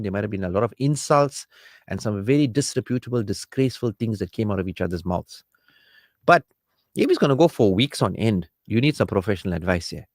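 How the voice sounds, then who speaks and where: A man hosting a radio counselling show, giving marriage advice in an animated, preachy way and acting out quarrelling spouses. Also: medium pitch, no room sound, studio quality. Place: radio studio.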